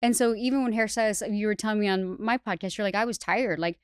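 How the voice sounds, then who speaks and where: The speaker, a hairstylist educator on a podcast, tells her personal story in a candid, chatty way, filled with "like" and restarts. She talks fast in a smooth, medium-pitched voice with fairly even intonation. The recording is dry and studio quality.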